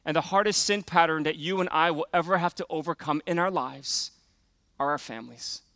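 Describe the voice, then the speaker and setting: A middle-aged man preaches in a relaxed storytelling style, full of small fillers and quiet drops for emphasis. His voice is a little high for a man, bright and smooth. The sound is close and dry. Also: fairly quick, no room sound. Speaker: pastor. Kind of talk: sermon with personal story.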